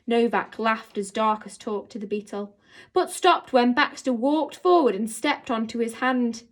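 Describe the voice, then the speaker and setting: A woman teacher reading a children's novel aloud to her pupils in an expressive storytelling manner. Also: medium pitch, a little slow.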